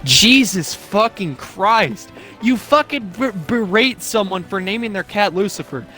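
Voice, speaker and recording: A man's voice: high voice, lively intonation, unhurried, bright, forceful tone, soft background music. A young man streaming live, ranting casually with lots of swearing and mocking put-on quotes of other people.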